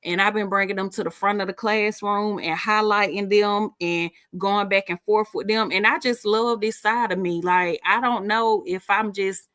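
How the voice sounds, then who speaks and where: A bright-voiced middle-aged woman hosts a casual livestream. She talks in a sassy, storytelling way and reads viewer comments aloud. The sound is dry and close. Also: medium pitch, fairly even intonation, moderate pace, hardly any pauses, dry recording. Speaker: livestream host.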